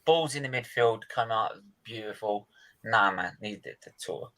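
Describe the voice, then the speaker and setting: Bright, emphatic man talking football. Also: on the low side, normal speed. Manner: emphatic, swears, repeats his points. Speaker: watchalong host. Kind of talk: casual football chat.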